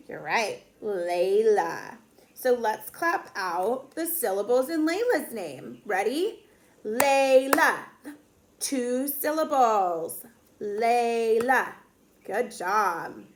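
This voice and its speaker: A woman teacher leading a phonics lesson for young children, encouraging them and sounding out letters with exaggerated, drawn-out sounds. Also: medium pitch, lively intonation.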